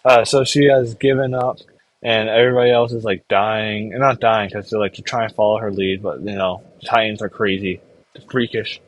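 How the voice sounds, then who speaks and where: A man's voice: fairly low pitch, flat delivery, rough recording. A young man casually recapping an anime, rambling and briefly acting out the characters. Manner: rambling, acts out characters in quick put-on voices. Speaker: anime reviewer.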